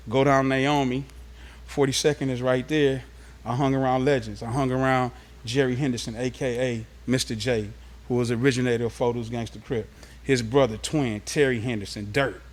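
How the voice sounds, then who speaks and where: A man from Los Angeles, a guest in an interview, telling stories of his youth in a casual, streetwise way. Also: mid-range voice. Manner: animated, streetwise storytelling.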